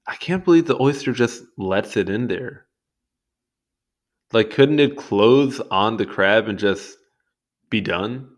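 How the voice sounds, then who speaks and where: Rambling low-voiced man reading along. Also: takes it slowly, pauses often. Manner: rambling, easily sidetracked, amused asides. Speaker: video host reading a wiki article. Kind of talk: casual read-along commentary.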